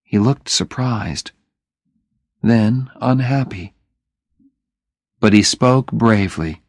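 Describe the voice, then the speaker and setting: Male audiobook narrator for a graded reader; low, gravelly, very slow, dry studio sound. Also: dry recording. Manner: slow, deliberate reading.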